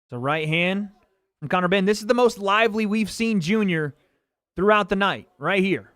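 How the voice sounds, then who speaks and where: A man's voice: high-pitched, moderate pace, no room sound. A man hosting a livestream watch party, calling the punches live and swearing as the action builds. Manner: excitable, swearing, calls punches. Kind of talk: live fight commentary.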